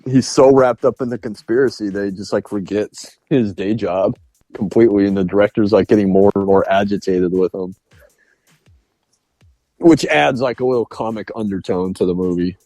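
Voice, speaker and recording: Co-hosting a podcast, a man talks casually about a film, reviewing it and performing its lines with laughter. He has a fairly low, dark voice at a moderate pace, with no room sound and faint music behind him.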